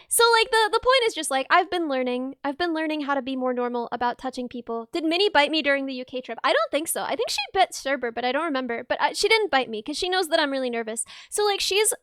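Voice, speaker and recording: Young woman, twenties, VTuber, high voice, dry sound, casual rambling chat, giggly, self-deprecating. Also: a bit bright, dry recording. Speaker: VTuber streamer. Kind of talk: casual chat reading viewer messages.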